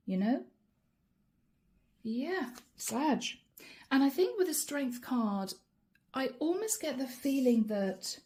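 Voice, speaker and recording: A woman tarot reader, middle-aged, with a soft, mellow tone that sits a little higher than most. She talks directly to her viewers, coaxing and reassuring them and circling back over the same encouraging phrases. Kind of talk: channeled tarot reading to camera.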